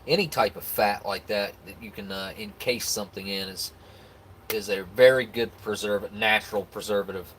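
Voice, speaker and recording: A man's voice: lowish voice, fairly even intonation, normal speed, fairly bright tone, slight background noise. An American man hosting a live stream, chatting casually and rambling easily as he reacts to viewer comments. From United States. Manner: rambling, easygoing, with frequent restarts and laughs.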